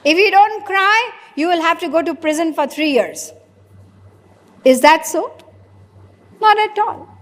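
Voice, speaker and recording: In this sermon, a high-voiced female spiritual teacher poses questions to listeners and performs short dialogues. She speaks unhurriedly with lively intonation and long pauses, her words echoing with extended reverb like a big hall.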